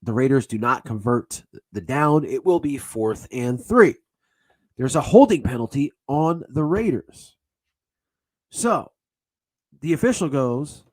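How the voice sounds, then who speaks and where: A man ranting angrily as a football fan, swearing and bursting into shouts between sarcastic retellings. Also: mid-range voice. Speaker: sports vlogger. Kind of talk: angry fan rant.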